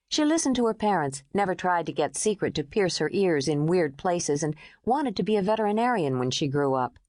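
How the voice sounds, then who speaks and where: A woman narrating an audiobook in smooth, expressive storytelling. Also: deep voice, dry recording, studio quality.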